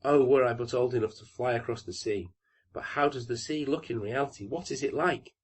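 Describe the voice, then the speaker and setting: A man's voice: mid-range voice, brisk, husky, natural voice. A man voicing a young fir tree in a storybook reading, eager and full of longing questions.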